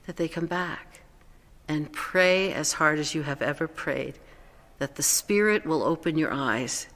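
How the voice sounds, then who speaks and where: A pastor delivering a slow, gentle sermon, letting phrases fall softly at the ends. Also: medium pitch. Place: church sanctuary. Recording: echoey church hall.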